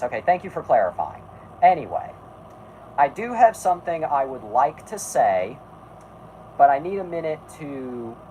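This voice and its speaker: A man's voice: mid-range voice, darkish tone, a little hiss or hum, low-quality recording. A man hosting a casual live stream who halts, rambles and restarts his sentences while he talks to his chat and co-hosts. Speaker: podcast host.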